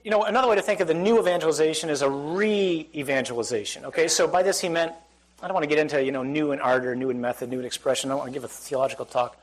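A man's voice: fairly high pitch, rapid-fire, low-quality recording. A man giving a Catholic sermon to a live audience, conversational and joking, often putting questions to the crowd. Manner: conversational, asks the crowd questions, humorous asides. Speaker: Catholic priest. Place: church or hall with audience.

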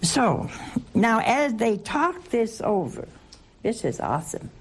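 A woman leading a Catholic Bible study, teaching in an animated, playful way and asking her listeners questions. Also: a little high, slow, breathy edge. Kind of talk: lively scripture teaching to a group.

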